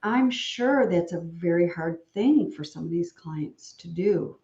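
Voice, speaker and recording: A woman hosting an interview over a video call, talking in an animated, rambling, frank way with jokes. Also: lowish voice, measured pace, reverberant, muffled recording. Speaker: podcast host. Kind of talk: casual interview chat.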